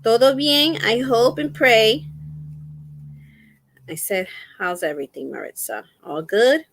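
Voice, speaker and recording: A woman's voice: mid-range voice, sing-song, takes it slowly, gravelly. A woman hosting a casual crochet livestream, chatting in a rambling, faith-filled way with her viewers while resting a sore foot.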